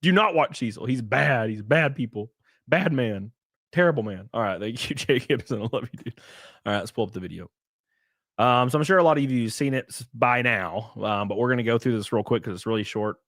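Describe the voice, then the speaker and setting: A man's voice: medium pitch, fairly quick, fairly bright tone, no room sound, studio quality. A man live-streaming, chatting casually with his viewers, swearing, laughing and thanking them as he goes.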